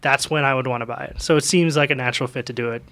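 Male podcast co-host, bright tone, loose and chatty, thinks out loud. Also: medium pitch, fairly even intonation, very fast. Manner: reasoning aloud, many "like" fillers. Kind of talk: casual panel chat.

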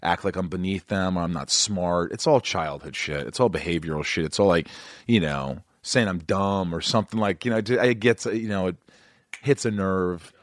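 New york guy hosting a chat, kinda low voice, loud, rambles and cuts himself off, dry close mic. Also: normal speed, no echo. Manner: loud, rambling, self-interrupting. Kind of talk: casual conversation.

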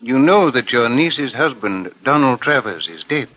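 An actor playing a calm, persistent detective asking measured questions in a 1950s radio drama. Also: male voice, medium pitch, husky, full character voice. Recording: lo-fi old radio broadcast.

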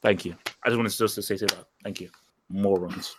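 A man's voice: fairly low pitch, steady tone, racing, fairly bright tone, slight background noise. A man co-hosting a football podcast, talking in a blunt, fired-up rant. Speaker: podcast co-host. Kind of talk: casual chat.

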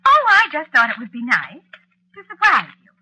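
A woman's voice: high voice, wildly swooping pitch, normal speed, bright, forceful tone, full character voice, poor audio. An actress playing a jealous witch wife in a 1940s radio drama, coaxing and playful with a cold edge. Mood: teasing. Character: teasing, jealous witch wife, coy and menacing.

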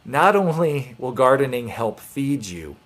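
A man's voice: mid-range voice, sing-song, unhurried. A man hosting a live online homesteading show, talking casually and earnestly to viewers with encouraging, rambling speech and restarts.

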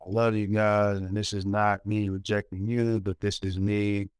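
Man, storyteller, low voice, smooth and clear, lively delivery, many fillers. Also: moderate pace, no room sound. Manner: animated storyteller, many fillers, acts out quotes. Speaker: former college basketball player, guest. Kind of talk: casual storytelling interview.

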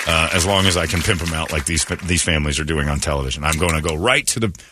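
A man's voice: rumbling low, fast, background noise. A man hosting a radio morning show, telling a story in casual banter and acting out quoted voices as he goes, with laughs in between.

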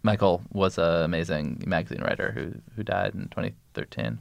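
A news editor appears as a podcast guest, speaking in a deep voice with vocal fry at a brisk clip, with no echo. He explains things at length, rambling, restarting sentences and telling animated stories.

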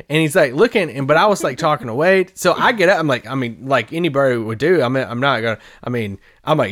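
A man's voice: medium pitch, quick pace, few pauses, fairly bright tone, no room sound, clean studio sound. A man hosting a podcast, a sports reporter telling a story in a loose, rambling way and laughing often as he goes. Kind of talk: casual anecdotal storytelling.

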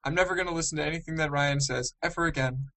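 A man's voice: a little high, fast, pushed and bright, rough recording. A young man hosting a casual gaming podcast, rambling and joking with plenty of fillers. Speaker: podcast host.

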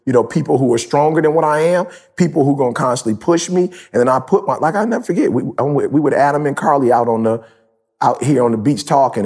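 A man in his thirties hosts a casual podcast, talking in a slangy, preachy way. His pitch swings widely as he talks. The voice is a bit husky rather than clean. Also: a little mellow. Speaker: podcast host. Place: live event in Jamaica.

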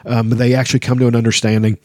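A man's voice: medium pitch, little pitch movement, rapid-fire, darkish tone, dry recording, studio quality. A man hosting a podcast, chatting casually about a fantasy novel, laughing often and hesitating with fillers. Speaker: podcast host. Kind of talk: casual book discussion with read-aloud passages.

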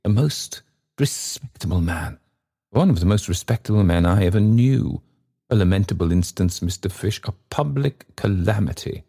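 A man's voice: low-pitched, animated, moderate pace, gravelly, warm tone, slightly rough, exaggerated voice. A man voicing a smug, pompous male alderman who speaks in sanctimonious tones.

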